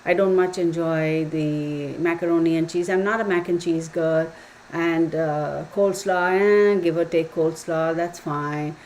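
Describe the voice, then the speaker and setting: A chatty woman hosts a live stream, rambling from one tangent to the next and calling her viewers y'all. Her voice sits a little low, with faint room noise behind it. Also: steady tone, measured pace, darkish tone, poor audio. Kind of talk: casual chat with live viewers.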